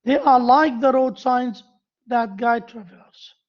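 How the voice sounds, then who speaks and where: A woman with an Arabic accent giving a university lecture. She pauses often, repeats key phrases and asks the class questions. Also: on the high side. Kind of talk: classroom lecture on essay writing. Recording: dull lo-fi lecture recording.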